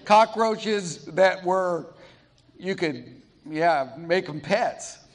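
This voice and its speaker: A middle-aged male preacher from Colorado delivering a sermon in a church. His voice sits high for a man, and he takes his time, unhurried and deliberate, letting pauses land between his stories. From Colorado, USA. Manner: storytelling, slow and deliberate with pauses. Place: church sanctuary.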